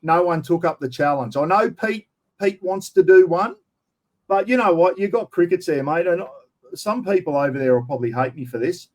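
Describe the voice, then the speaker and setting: Brief: Australian man, a touch high-pitched, blunt, slangy, casual interview guest. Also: lively intonation, normal speed. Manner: blunt, matey, slangy, keeps saying mate. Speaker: interview guest, camping YouTuber. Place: at home, outdoors property.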